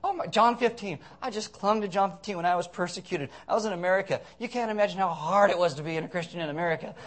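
A man's voice: mid-range voice, very fast, a bit bright, lightly acted. A man playing a self-pitying, comfortable churchgoer in a sarcastic, mock-earnest sermon bit.

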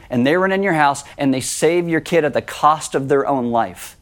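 A man's voice: a little high, moderate pace, few pauses. Man preaching an earnest sermon. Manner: earnest preaching, acts out quoted voices. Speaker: pastor.

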